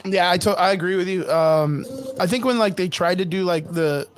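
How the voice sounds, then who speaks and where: A man's voice: high voice, normal speed, a little hiss or hum. A man hosting a casual live stream, rambling loosely with lots of fillers and frequent swearing. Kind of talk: casual chat. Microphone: home streaming setup.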